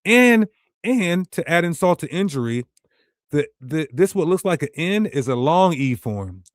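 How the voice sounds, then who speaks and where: A man's voice: fairly high pitch, sing-song, measured pace, no echo, clean studio sound. Emphatic man teaching to his viewers. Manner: emphatic, rhetorical, addresses viewers directly. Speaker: ministry teacher. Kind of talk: animated teaching presentation.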